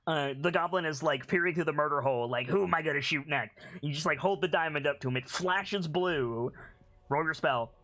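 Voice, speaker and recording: A man narrating a tabletop game as game master, animated and giggly, often restarting his sentences. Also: a little high, fairly quick.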